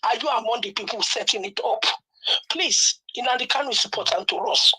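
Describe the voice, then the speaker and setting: A woman's voice: a little high, brisk, bright, forceful tone, husky, rough recording. A Nigerian woman phoning in to a live talk show, upset and pleading. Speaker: caller. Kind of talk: angry call-in speech.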